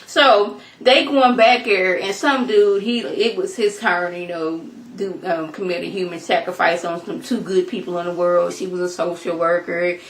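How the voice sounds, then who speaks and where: A woman's voice: lowish voice, normal speed, few pauses, slight background noise. Woman recapping a show in an echoey room. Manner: animated, jumps into character voices. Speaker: TV episode reviewer. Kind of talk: casual recap vlog.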